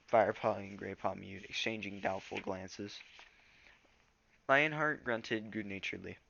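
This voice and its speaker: A man's voice: on the low side, measured pace, creaky, sharp tone, no room sound, highs cut off. A man reading a storybook aloud in a casual way, stumbling over words now and then. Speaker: reader.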